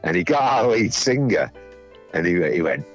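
A man's voice: on the low side, very animated, moderate pace, slightly rough. A man with a Northern English accent, rambling through a casual anecdote with lots of fillers. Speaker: musician guest. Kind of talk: casual chat. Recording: dull lo-fi sound, faint music.

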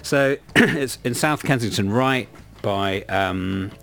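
A man's voice: lowish voice, slow, vocal fry, a bit bright. A middle-aged man from London, a guest in casual chat, telling rambling stories with many restarts. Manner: rambling, self-correcting storyteller.

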